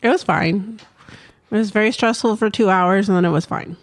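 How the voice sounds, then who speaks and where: A woman chatting casually as a podcast guest, with quick, dry quips. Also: mid-range voice, no room sound. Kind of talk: casual chat.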